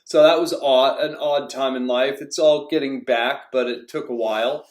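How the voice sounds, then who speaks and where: A young man talks through his past casually, circling back with plenty of fillers and false starts. His voice sits at an ordinary middle pitch. The room around him rings with noticeable echo. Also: steady tone, moderate pace. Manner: rambling, many fillers and restarts. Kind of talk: casual storytelling. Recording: echoey room.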